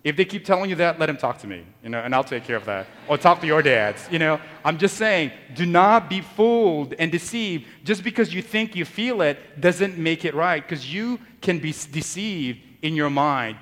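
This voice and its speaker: A man's voice: a little high, lively intonation, normal speed, few pauses, fairly bright tone. A man preaching as a priest, talking conversationally and joking with the congregation. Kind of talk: sermon. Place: church. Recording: long church reverb.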